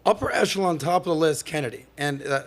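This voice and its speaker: A man's voice: on the high side, fast talker. A man co-hosting a podcast, prompting the others with questions. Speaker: co-host. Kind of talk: casual podcast chat.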